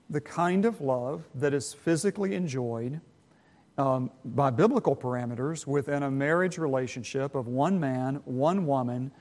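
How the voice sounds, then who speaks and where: A man's voice: fairly high pitch, a little mellow. A man teaching students in a sermon, folksy and self-deprecating, often restarting his phrases. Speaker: teacher giving a talk.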